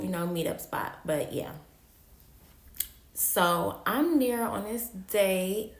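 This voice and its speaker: A woman's voice: on the low side, reverberant. A woman telling a personal story in a casual vlog, slangy and candid, repeating phrases for emphasis. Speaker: storytime vlogger.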